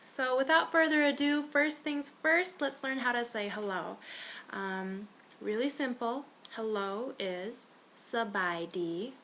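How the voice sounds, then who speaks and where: A young American woman giving a casual beginner language lesson, chatty and friendly, slowing down to sound out each word. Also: fairly high pitch, fairly bright tone, a little hiss or hum. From United States. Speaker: language teacher.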